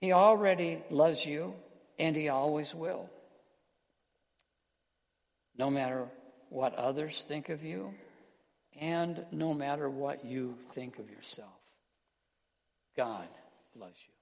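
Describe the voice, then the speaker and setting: A man preaching an earnest sermon as pastor, slowing down and softening his voice on key words. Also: on the high side, vocal fry. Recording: long hall reverb.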